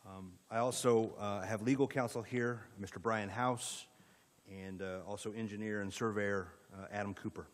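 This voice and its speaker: A man's voice: fairly low pitch, fairly even intonation, moderate pace, big-room sound. A man with an Indiana accent presenting a rezoning proposal at a county planning meeting, in an orderly way with frequent fillers. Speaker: economic development presenter.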